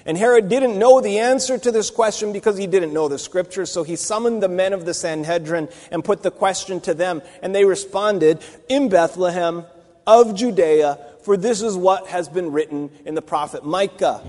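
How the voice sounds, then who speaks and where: Man, Bible teacher, thinks aloud, fairly high voice, reverberant hall. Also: a little mellow. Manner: conversational, thinking aloud with fillers and restarts.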